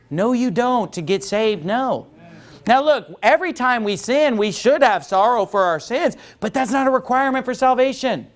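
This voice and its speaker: Man, pastor, sermon, animated delivery, restarts, voice rising and falling widely. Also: extremely high pitch, moderate pace. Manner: animated preaching, acts out quoted voices, frequent restarts. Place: church.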